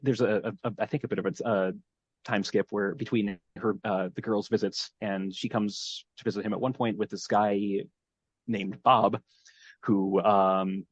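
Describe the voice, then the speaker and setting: A man hosting a podcast, recapping a show in meandering, casual talk as he thinks aloud. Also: on the low side. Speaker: podcast host. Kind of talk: casual chat, episode recap.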